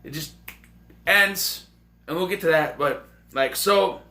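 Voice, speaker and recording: A man rambling excitably and jokingly through a casual movie review. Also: on the high side, slow.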